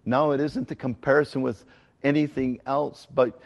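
Gravelly-voiced man preaching in a reverberant hall. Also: mid-range voice, little pitch movement, muffled recording. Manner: conversational, earnest teaching with emphatic slow stresses. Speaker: pastor. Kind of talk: sermon.

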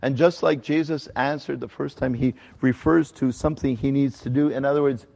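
A man pastor delivering a sermon in an earnest, conversational teaching manner, slowing to stress key points. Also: medium pitch, fairly even intonation, vocal fry, darkish tone. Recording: long hall reverb.

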